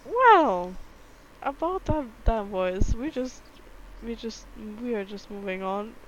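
A woman on a casual podcast over a remote call, her voice sitting fairly high. She talks excitably with giggles, often trailing off. Clear background noise runs under the call audio. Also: slow pace, rough recording. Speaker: podcast co-host. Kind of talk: casual chat.

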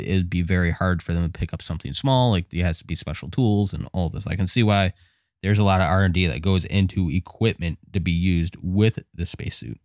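A man telling a casual story, excitable, laughing often and acting out his own past lines. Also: deep voice, no room sound, clean studio sound. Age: adult with a child.

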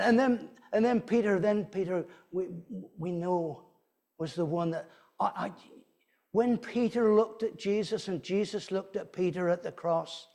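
A preacher with a fairly high voice gives a sermon in church, keeping it conversational. He asks his listeners rhetorical questions and frequently starts his phrases over.

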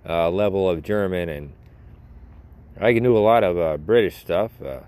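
Deep-voiced rambling podcast guy. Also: moderate pace, mellow, clear, resonant tone. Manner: rambling, jokey, self-mocking. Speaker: podcast host. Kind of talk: rambling solo podcast chat. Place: outdoors.

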